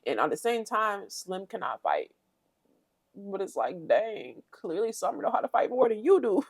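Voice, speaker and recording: A woman giving a casual, chatty recap of a reality show, often imitating the cast in a higher voice. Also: moderate pace, slightly rough, dry recording. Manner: chatty, animated, mimics cast members in high voices.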